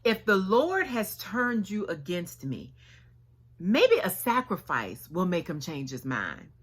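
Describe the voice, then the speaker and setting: A woman's voice: lowish voice, sharp tone, slightly rough, exaggerated voice. Woman voicing David, an earnest pleading young warrior. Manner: pleading questions in casual slang.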